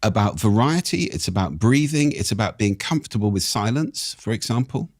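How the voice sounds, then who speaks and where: A man, a speaking expert and podcast guest, explaining things in a measured way with examples, his voice a little croaky. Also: on the low side, expressive, no room sound, clean studio sound. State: slightly croaky. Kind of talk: explanatory interview talk. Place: podcast studio.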